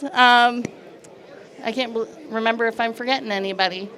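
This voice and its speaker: A woman racing driver at a panel interview, chatting through a list of sponsors with many ums and pauses. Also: a little high, bright, forceful tone. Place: busy event hall.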